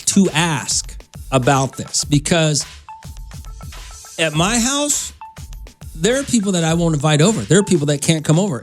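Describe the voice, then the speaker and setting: A male morning radio host with a somewhat high voice, chatting loosely and rambling from a radio studio. He speaks straight to his listeners in a casual, conversational way. A faint music bed plays under him.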